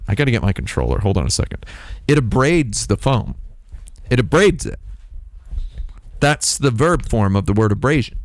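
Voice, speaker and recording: A man's voice: lowish voice, no echo, studio quality. A man hosting a stream, talking in a rambling, playful, jokey way with his mouth right on a dynamic microphone. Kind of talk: casual stream chat. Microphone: close dynamic microphone, mouth on foam.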